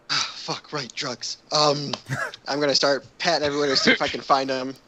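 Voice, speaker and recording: Male player, bright edgy voice, offhand and sighing. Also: medium pitch, little pitch movement, moderate pace. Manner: sighing, swearing, casual. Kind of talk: casual tabletop game play.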